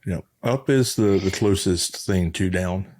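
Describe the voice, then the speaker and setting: A man's voice: sits low, measured pace, a little mellow, no echo. A man hosting a podcast, chatting in an easygoing, agreeable way with hesitant restarts. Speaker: podcast host. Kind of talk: casual chat.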